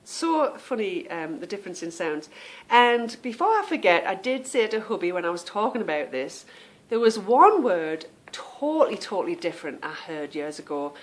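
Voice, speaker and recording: A woman's voice: mid-range voice, very animated, normal speed, few pauses. A woman from England with a British accent, hosting a podcast in a chatty, meandering way that often trails off. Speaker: podcast host. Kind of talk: casual chat.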